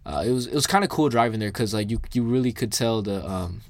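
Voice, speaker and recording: A man's voice: fairly low pitch, quick pace, dry recording. A young man in his twenties telling a true story in a casual, slangy way, swearing often and acting out the voices of people he quotes.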